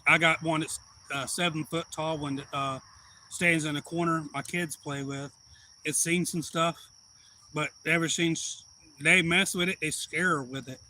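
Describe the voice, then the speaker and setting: A man tells a rambling, animated story to his live-stream viewers. His voice is bright and slightly raised in pitch. Crickets and insects chirp faintly behind him. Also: a little slow, a little hiss or hum, low-quality recording. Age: adult father. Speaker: outdoors channel host.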